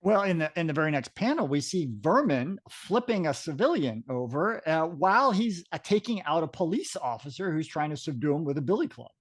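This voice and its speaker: A man's voice: a little high, very animated, a little fast, few pauses. A man co-hosting a comics podcast, describing panels in a chatty, hesitant way. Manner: chatty, hesitant, with many fillers. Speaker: podcast co-host. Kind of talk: casual chat.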